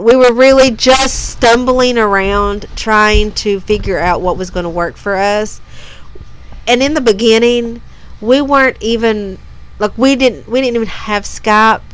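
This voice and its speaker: A woman co-hosting a podcast, chatting casually and rambling as she goes, often restarting her sentences. Her voice is smooth and clear, sitting in a middle pitch. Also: measured pace. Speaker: podcast co-host. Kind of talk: casual chat.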